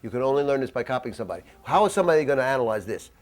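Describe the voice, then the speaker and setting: A man teaching a jazz masterclass in a conversational, animated way, tossing in acted asides, in a dry room. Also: mid-range voice, racing, loud music behind the voice. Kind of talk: masterclass lecture. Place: dry room with little reverb.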